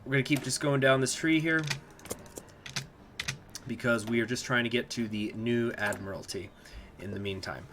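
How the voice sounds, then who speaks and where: Guy at his desk mic explaining a strategy game, chatty, lots of uhs, middle pitch, bit of faint background hum. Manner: chatty, explanatory, thinks aloud with many filler pauses. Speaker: strategy game guide host. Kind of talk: casual gameplay walkthrough commentary.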